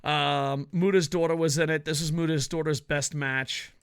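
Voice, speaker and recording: A man reviewing a wrestling event in a casual, profane rant, joking at his own expense and often breaking into yells. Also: on the high side, steady tone, moderate pace, smooth. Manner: profane, ranting, bursts into yelling; jokey, laughs at own rants.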